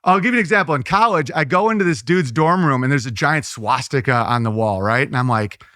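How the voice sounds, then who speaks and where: A man appears as a comedian guest in a casual interview, riffing loosely with quick impressions and asides, lots of "like" fillers and restarts. His voice is medium-pitched with a fairly bright tone, captured in a dry, studio-quality recording.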